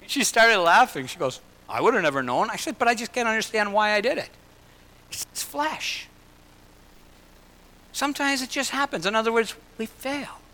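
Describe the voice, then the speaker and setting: A man preaching a sermon in an earnest way, slowing and lifting his voice for emphasis and dropping into personal asides. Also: high-pitched, lively intonation, sharp tone. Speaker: pastor. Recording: long hall reverb.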